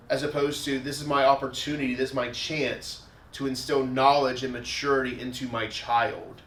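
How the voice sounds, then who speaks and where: A man's voice: a little high, a bit bright, far from the mic. Conversational male pastor, echoey sound. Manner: conversational preaching, repeats "again", everyday scenarios. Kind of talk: sermon. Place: church sanctuary. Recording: echoey room, voice from afar.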